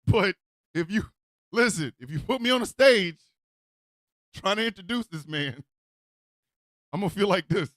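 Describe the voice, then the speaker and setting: Casting: high, bright, animated man hosting a comedy radio rant, dry sound. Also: moderate pace, long pauses, dry recording. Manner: excitable, swearing, shouts often. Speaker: radio show host.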